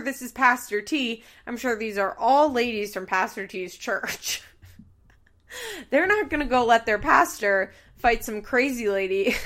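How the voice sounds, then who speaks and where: A woman with a voice on the high side hosts a podcast recapping a reality show, chatting casually and animatedly with laughter and swearing.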